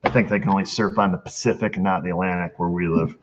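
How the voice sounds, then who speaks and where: This channel host, a mechanic, talks fast in a low-pitched, steady voice while hosting a relaxed mail call in his shop's repair bay. He jokes and reads letters out with side comments, and the sound is dull and lo-fi with a faint noise.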